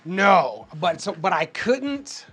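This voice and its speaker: A man telling a story in a casual podcast chat, animated and swearing freely as he acts out what people said. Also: high-pitched, takes it slowly, slightly rough.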